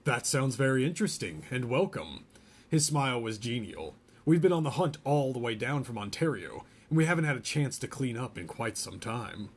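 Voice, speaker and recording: A man reading a novel chapter aloud in a relaxed way, stopping now and then to joke about the story. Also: medium pitch, moderate pace, breathy edge. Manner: reads a novel aloud, breaks off for joking asides. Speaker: podcast host reading aloud. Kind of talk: casual read-aloud with asides.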